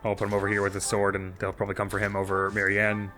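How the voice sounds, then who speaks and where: Bright-voiced man narrating his gameplay. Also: fairly low pitch, completely flat delivery, fast talker, faint music behind. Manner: chatty, thinks aloud, self-mocking asides. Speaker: let's play host. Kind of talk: casual gameplay commentary.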